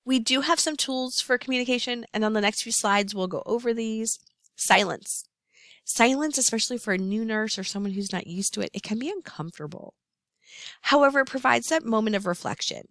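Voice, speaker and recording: Woman with gravelly voice lecturing. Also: on the high side, fast, a bit bright, no room sound, studio quality. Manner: explanatory, repeats key terms, frequent "um". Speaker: nursing instructor. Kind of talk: recorded lecture.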